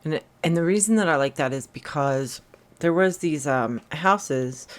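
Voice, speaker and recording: A woman giving a casual voice-over while building in a game, thinking aloud in an unhurried, musing way. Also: extremely low pitch.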